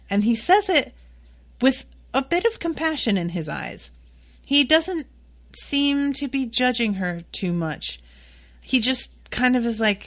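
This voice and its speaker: A woman's voice: medium pitch, lively intonation, takes it slowly, a bit bright. A woman hosting a solo podcast, recapping a TV episode candidly and with exasperated, swearing asides. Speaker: podcast host recapping a TV series.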